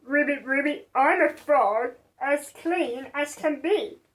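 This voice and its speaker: A woman voicing a polite male frog in a storybook reading, low and croaky, ribbiting as he talks. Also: slow.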